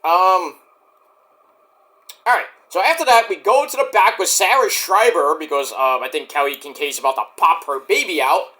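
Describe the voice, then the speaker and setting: A man casually reviewing a wrestling show on his own, animated and excitable, breaking into high-pitched outbursts. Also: moderate pace. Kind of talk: casual solo review vlog.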